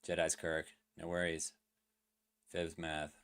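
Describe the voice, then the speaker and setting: A man's voice: sits low, completely flat delivery, slow, fairly bright tone, clean tone. A man streaming live, talking casually through crypto chart analysis with lots of fillers and questions to his chat. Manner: loose, filler-heavy, asks chat questions.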